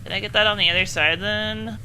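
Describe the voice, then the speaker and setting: A young woman streaming a game, chatting casually and swearing at it out loud. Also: mid-range voice, steady tone, a little fast, slight background noise. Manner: swears often, scolds the game aloud. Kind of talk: casual gameplay commentary.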